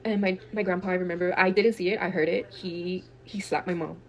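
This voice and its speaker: A woman's voice: fairly low pitch, fairly quick. A young woman from Texas telling a wild family story in casual, profane speech, acting out quotes. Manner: profane, animated, acts out quotes. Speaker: guest storyteller.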